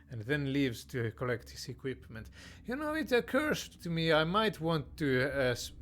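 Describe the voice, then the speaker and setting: A man's voice: medium pitch, sing-song, measured pace, a bit bright. A man playing a text strategy game. He reads the game text aloud and comments in a hesitant way, with many fillers and restarts and joking mock-tyrant verdicts. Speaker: game player.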